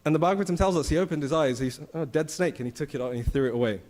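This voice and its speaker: A man giving a conversational scripture class at a temple, telling the story with rhetorical questions and animated asides. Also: a little high, very fast. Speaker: temple speaker. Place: temple hall.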